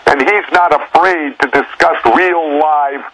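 A plain-spoken man making his case as a guest on a political talk show. His voice sits somewhat high for a man, and the sound has a broadcast radio quality. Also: fairly even intonation, takes it slowly, a bit bright, no room sound, poor audio. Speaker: guest, former governor.

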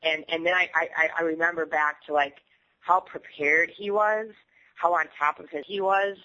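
In a candid interview, a female guest tells stories with lots of energy and frequent laughter. Her voice is low-pitched and her pace normal, and the audio sounds muffled, as if heard over the radio.

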